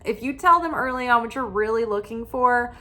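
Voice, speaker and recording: A woman's voice: fairly high pitch, fairly quick, pushed and bright. A middle-aged woman giving spiritual love advice as a tarot reader, talking animatedly and acting out the voices of people she quotes.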